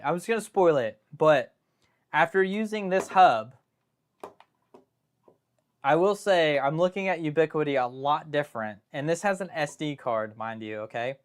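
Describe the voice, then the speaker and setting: A young man hosting a live stream, chatting casually and rambling through joking asides and self-interruptions. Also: fairly high pitch.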